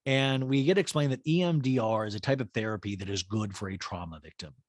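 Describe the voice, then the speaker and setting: A man's voice: fairly low pitch, fairly quick, no room sound. A man hosting a podcast recap, chatting casually and wryly while speaking directly to his listeners. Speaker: podcast host.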